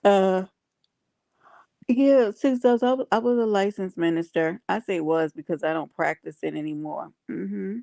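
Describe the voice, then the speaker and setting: A woman's voice: medium pitch, moderate pace, vocal fry, mellow, no room sound. A woman hosting a casual livestream, chatting with viewers and reading their comments aloud. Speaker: livestream host.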